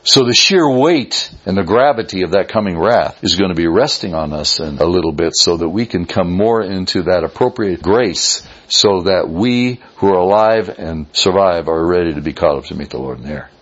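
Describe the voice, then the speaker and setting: A man preaching a sermon as pastor, fervent, with sudden rises and hushed drops. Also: deep voice, lively intonation, moderate pace, hardly any pauses, husky, dull audio.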